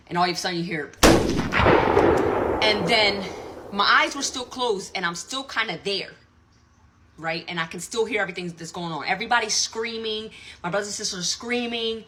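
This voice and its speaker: A woman's voice: medium pitch, normal speed, sharp tone. A woman telling an earnest, rambling story-time tale in casual chat, swearing freely. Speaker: social media storyteller.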